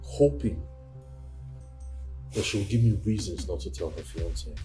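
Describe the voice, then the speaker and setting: A man's voice: sits low, unhurried, mellow. An actor playing a scornful, blackmailing young man in a film drama, with a Nigerian English accent. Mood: cold. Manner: contemptuous, accusing. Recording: film soundtrack with music.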